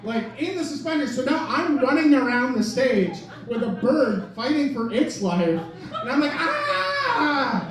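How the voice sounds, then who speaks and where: A young man from Wisconsin performs stand-up on a comedy club stage, his very high-pitched voice moving at a moderate pace through a rambling, self-mocking story packed with "like." The club mic picks him up from a distance with an echoey sound, and audience laughter fills the background.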